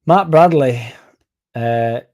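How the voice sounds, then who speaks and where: A man's voice: medium pitch, extremely slow, a little mellow. A man hosting a casual football fan livestream, reading chat comments and rambling with frequent swearing. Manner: swears freely, rambles, mocks critics in a raised put-on voice. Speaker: fan channel host reading live chat.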